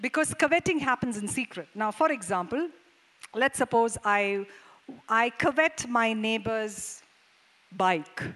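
A woman preaching with a high voice. She draws answers from the congregation and stresses key words loudly, then drops into quick, low asides. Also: expressive. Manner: call-and-response preaching, questions to the congregation; dynamic, shifts between loud emphasis and low quick asides. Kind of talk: sermon.

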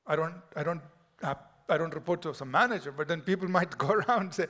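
A male pastor with a fairly high, creaky voice preaches a sermon at a rather quick pace. He swings between loud declarations and hushed, whispered lines.

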